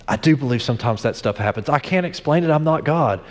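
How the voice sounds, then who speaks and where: A man's voice: mid-range voice, lively intonation, fast, big-room sound. A male pastor giving a conversational sermon, telling stories with frequent restarts.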